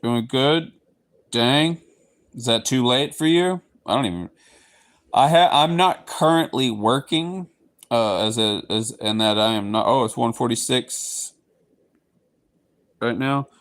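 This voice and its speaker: Hosting a livestream, a man from Southeast Texas chats casually with viewers in a Texan accent. He has a medium-pitched, slightly bright voice and a playful manner, dropping into goofy voices.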